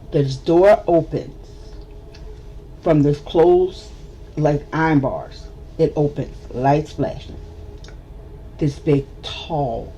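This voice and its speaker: Brief: woman vlogger with a low voice, unhurried delivery, and a very lively, animated rise and fall as she tells her story. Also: a little hiss or hum. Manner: animated storyteller, acts out the other people. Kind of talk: storytime vlog.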